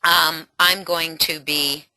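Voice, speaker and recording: A middle-aged woman teaching a parenting webinar as a coach, in an animated and encouraging way. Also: deep voice, slow pace, clear, resonant tone, no room sound.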